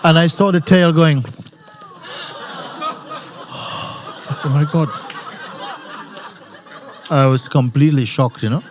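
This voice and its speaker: At a noisy retreat gathering, a spiritual teacher with a slightly high voice talks a little slowly, leaving long pauses. His informal satsang storytelling is full of laughter and restarts, in non-native phrasing.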